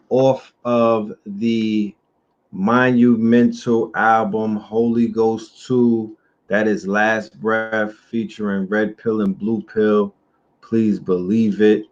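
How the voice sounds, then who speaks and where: Male show host, low voice, very slow and emphatic; muffled audio with faint noise. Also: flat delivery. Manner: slow, drawn-out, emphatic delivery. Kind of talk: livestream talk show.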